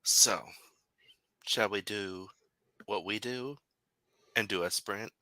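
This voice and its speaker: A man's voice: fairly low pitch, slow pace, bright, forceful tone, dry recording. A man co-hosting a casual chat, tossing in dry, wry quips.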